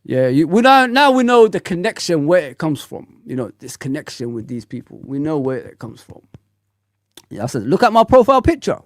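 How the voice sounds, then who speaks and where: Animated man ranting on stream. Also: on the high side, normal speed, no room sound, clean studio sound. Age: 40s. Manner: animated, blunt, ranting, slangy. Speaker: football fan channel host. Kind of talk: casual livestream rant.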